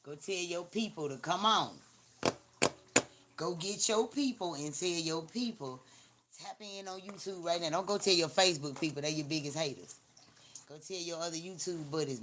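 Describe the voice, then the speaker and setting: A woman's voice: sits low, moderate pace, fairly bright tone, a little hiss or hum. A woman with a Memphis Southern accent hosting a live stream, talking in blunt, slangy, repetitive and teasing casual chat. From Memphis, Tennessee. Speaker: livestream host.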